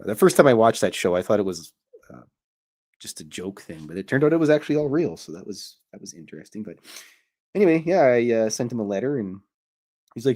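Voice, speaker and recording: A man's voice: low-pitched, a little mellow. A Canadian man who hosts a cartoon show, telling meandering, jokey stories and often interrupting himself. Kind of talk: rambling casual storytelling.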